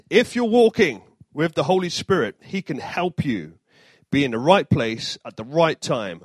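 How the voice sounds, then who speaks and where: A man's voice: mid-range voice, dry recording. A man giving an informal sermon, mixing scripture with jokey asides and self-deprecating humor. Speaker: preacher.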